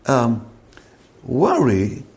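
A man preaching a sermon slowly and deliberately, rising in pitch to stress key words. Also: huge pitch swings, vocal fry, darkish tone.

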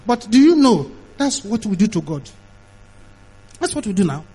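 A man's voice: high voice, big pitch swings, moderate pace, darkish tone, slight background noise, low-quality recording. A middle-aged man, preaching an emphatic sermon that is full of repetition and mimicked voices.

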